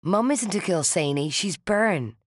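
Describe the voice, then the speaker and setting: A reader putting on a terrified teenage girl in an audiobook, high and shrill, her voice strained and pleading. The sound is dry and close-miked. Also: animated, unhurried, no echo. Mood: shaken. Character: frightened teenage girl, desperate and tearful. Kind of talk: audiobook character voice.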